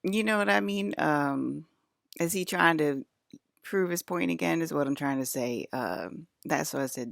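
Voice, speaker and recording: A young woman with a notably low-pitched voice talks straight into a close mic in a dead, dry room. She rambles with lots of fillers, swears freely and keeps working herself into irritation. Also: expressive, a little slow, gravelly, dry recording. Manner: profane, agitated, rambling with many fillers. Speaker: vlogger. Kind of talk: rambling monologue about dreams.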